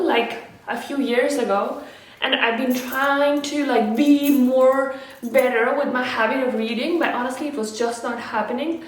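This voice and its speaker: A young woman vlogging casually to camera, chatty and earnest, often restarting her sentences. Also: high-pitched. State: a little out of breath. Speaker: lifestyle vlogger. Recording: very echoey room, faint background noise.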